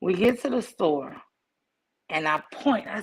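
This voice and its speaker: Raspy-voiced woman telling a story. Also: mid-range voice, a little slow, poor audio. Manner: animated, acts out quoted voices. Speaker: livestream host. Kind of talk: casual storytelling to a live chat.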